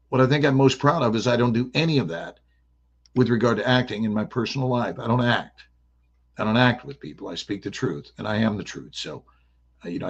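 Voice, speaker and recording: A man from the American South, an actor guest telling stories in a playful, animated way. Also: medium pitch, gravelly, slightly rough, dull audio. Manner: playful, animated, slips into character voices. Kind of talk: casual interview storytelling.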